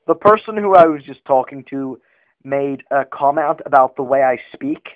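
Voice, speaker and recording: A man on a prank phone call, posing as a slow-speaking, touchy customer who stammers and halts. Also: mid-range voice, no room sound, close to an everyday voice. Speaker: prank caller. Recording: tinny dry phone line.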